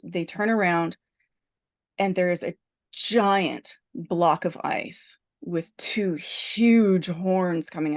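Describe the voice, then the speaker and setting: Animated woman host retelling a film plot. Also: lowish voice. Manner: animated storyteller, heavy use of "like" and restarts. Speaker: podcast host. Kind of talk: casual podcast chat retelling a film plot.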